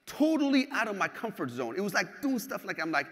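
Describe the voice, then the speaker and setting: A man giving a motivational keynote, telling stories in an animated, profane way and acting out scenes. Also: high voice, brisk. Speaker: keynote speaker. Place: large hall. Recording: hall with long reverb.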